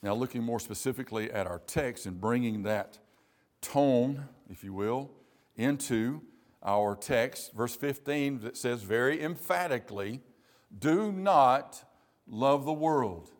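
A man delivering a sermon in a church. He speaks in a measured, emphatic way and slows down hard on the words he wants to land. His voice sits at an ordinary male pitch. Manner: measured, emphatic preaching with slow stressed phrases. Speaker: preacher.

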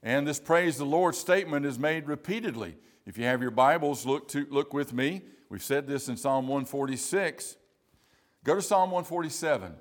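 A South Carolina pastor, male, with a voice on the high side, gives a sermon. He takes it slowly and deliberately, hammering home certain phrases through repetition.

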